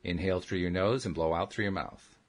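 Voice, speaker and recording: Man voicing a gentle, patient woman guide. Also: deep voice, a little fast. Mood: soothing. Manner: soft, patient, guiding. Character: gentle calm woman teaching a boy to relax.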